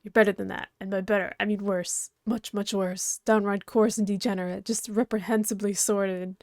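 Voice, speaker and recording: A woman's voice: medium pitch, flat delivery, normal speed, a little mellow, no room sound, studio quality, natural voice. A woman voicing a prim, snobbish and very strong male troll aristocrat, haughty and formal, reading a webcomic aloud. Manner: haughty, fussy, formal wording.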